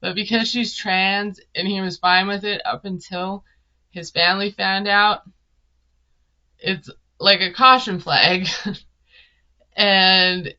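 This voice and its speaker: Woman, slow unhurried talk, bright voice, sarcastic recap chat, slightly dull lo-fi audio. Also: mid-range voice, fairly even intonation. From Minnesota. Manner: chatty, sarcastic, laughs often. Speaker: TV recap vlogger. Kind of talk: casual recap commentary.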